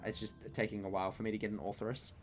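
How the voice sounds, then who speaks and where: A man's voice: lowish voice, little pitch movement, very fast, soft background music. A young man with a New Zealand accent, chatting casually and teasing while gaming on a stream. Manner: easygoing, teasing, playful.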